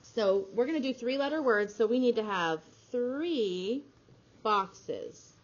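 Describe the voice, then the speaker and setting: A woman teaching a small phonics group, stretching out each sound slowly and praising the children often. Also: on the high side, expressive. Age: adult. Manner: slow, drawn-out sounding out of words with encouraging praise. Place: classroom. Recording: dull lo-fi classroom recording with faint noise.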